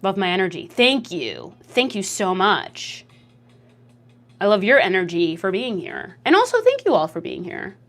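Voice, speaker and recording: A young adult woman livestreaming at home into a desk mic, chatting casually and reacting to chat comments in a lively, jokey way. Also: moderate pace. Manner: lively, jokey, reacts to chat with laughs and big pitch jumps. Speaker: streamer.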